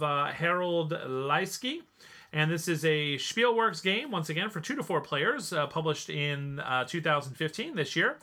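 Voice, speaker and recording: A male podcast host talks through a review in a loose, rambling way, stopping often on fillers. His voice sits a bit high and sounds bright and forward. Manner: chatty, rambling, many fillers. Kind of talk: casual review chat.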